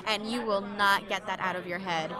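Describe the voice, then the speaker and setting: A woman's voice: medium pitch, steady tone. Teasing woman chatting in a café. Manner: quick, teasing banter. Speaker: podcast co-host. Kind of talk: casual pop-culture chat. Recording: busy café chatter behind.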